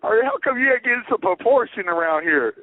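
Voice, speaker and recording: A man's voice: high voice, animated, quick pace, no room sound, phone-quality sound. A man co-hosting a casual interview, laughing often and reacting with enthusiasm. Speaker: podcast co-host.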